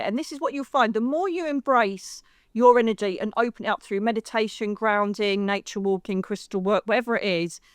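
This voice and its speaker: English woman, middle-aged, animated storyteller, clear smooth voice, close dry sound, acts out quoted lines. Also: mid-range voice, dry recording. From United Kingdom. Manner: lively, acts out quoted voices, says "darling". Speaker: psychic medium guest.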